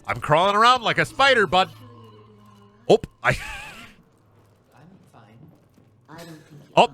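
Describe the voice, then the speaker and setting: Folksy Minnesotan telemarketer, relentlessly pleasant, put on by a man streaming a game; bright, lively delivery. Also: fairly high pitch, pitched above the performer's own voice. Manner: relentlessly pleasant, ends lines with "bud".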